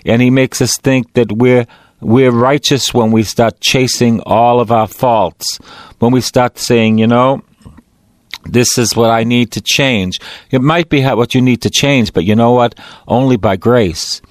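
A middle-aged priest preaching a sermon, emphatic and repetitive, with a preacher's cadence. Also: male voice, mid-range voice, fairly even intonation, measured pace, no room sound.

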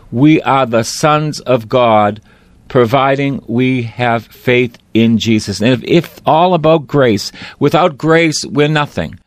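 Man, preacher, slow emphatic sermon, repeats lines, dry close sound. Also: medium pitch, dry recording.

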